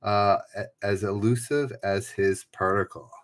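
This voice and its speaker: A man's voice: on the low side, steady tone, unhurried. A man hosting a live trivia stream from home, reading clues and chatting with viewers by name, often rambling and correcting himself. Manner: rambling, self-correcting, reads chat names aloud. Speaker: trivia livestream host. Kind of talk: casual livestream chat, reading quiz clues. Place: home room.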